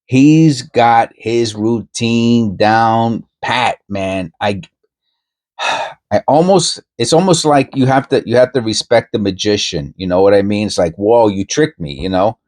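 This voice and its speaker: A man's voice: medium pitch, unhurried, darkish tone. A man hosting a coin-hunting channel, talking casually and rambling with many restarts and self-interruptions. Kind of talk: casual commentary to camera.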